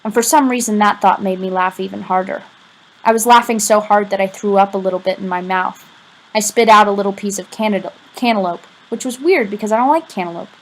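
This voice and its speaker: Rich: A woman narrating an audiobook in the first person with expressive, emotional storytelling. Her voice sits at a middle pitch, and she leans into the feeling of the scenes. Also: brisk, low-quality recording. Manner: expressive, emotional storytelling with pleading quoted lines.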